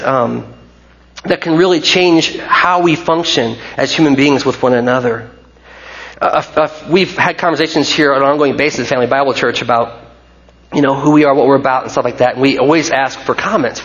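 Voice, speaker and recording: A man's voice: on the high side, fairly bright tone, lo-fi sound. Man preaching a casual, rambling sermon. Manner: conversational, rambling with restarts and fillers. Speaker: pastor. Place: church sanctuary.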